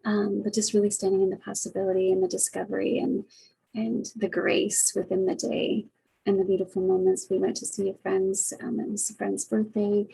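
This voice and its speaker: Caregiver vlogger, middle-aged woman, husky dark tone, reflective and earnest, speaks to her webcam. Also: medium pitch, flat delivery, moderate pace, poor audio. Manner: earnest, reflective, many fillers. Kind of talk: casual heartfelt talk to camera. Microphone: webcam, facing camera.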